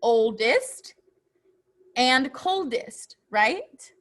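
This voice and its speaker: A woman's voice: high voice, animated, very slow, a bit bright. A woman teaching a children's phonics lesson, patiently asking questions and answering them herself.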